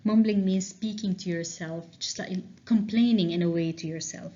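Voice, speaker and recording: A woman teacher walks through revision answers, pausing to check understanding with a questioning "okay?". Her voice sits on the low side. The recording is muffled and lo-fi. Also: dark tone. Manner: explains slowly, frequent "okay?" checks. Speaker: English teacher. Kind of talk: revision lesson walkthrough. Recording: dull lo-fi recording.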